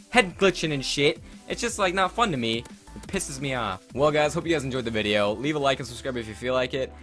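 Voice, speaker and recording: Brief: young male gamer, quick and bright, profane rambling storyteller, faint music behind. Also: fairly high pitch. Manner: profane, rambling, loud outbursts. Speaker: gaming YouTuber. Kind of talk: storytelling over gameplay.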